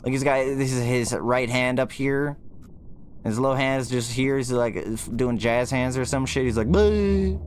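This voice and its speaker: A man's voice: mid-range voice, level tone, moderate pace, slight background noise. A young man streaming a game, talking nervously to himself and his chat and swearing as he plays. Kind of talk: gaming livestream commentary.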